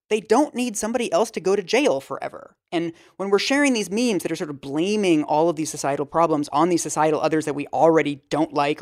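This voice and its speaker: A woman guest talking in a casual interview, quick and animated, sometimes acting out other people's voices. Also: lowish voice.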